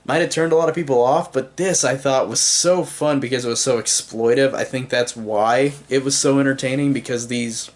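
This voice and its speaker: A young man talks through a movie review in a loose, unscripted way. His voice sits at an ordinary middle pitch, and he rambles with eager enthusiasm, full of fillers. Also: fairly even intonation, moderate pace, hardly any pauses. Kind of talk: casual spoken movie review.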